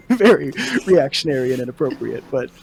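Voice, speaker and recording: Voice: medium pitch, sing-song, moderate pace, creaky. A player in casual chat around a tabletop game, giggly and playful.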